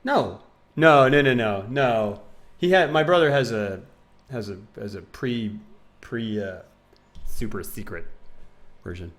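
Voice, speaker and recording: A man's voice: medium pitch, expressive, normal speed, pauses often. A young man streaming a game live, chatting casually and reading out chat messages. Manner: chatty, reads out chat and donations.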